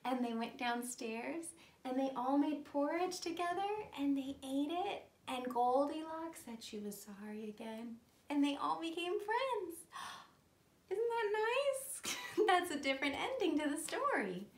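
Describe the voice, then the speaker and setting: Animated woman reading to kids. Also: high voice, moderate pace. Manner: animated, with gasps and whispers. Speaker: teacher. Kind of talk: storytelling lesson for children. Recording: roomy echo.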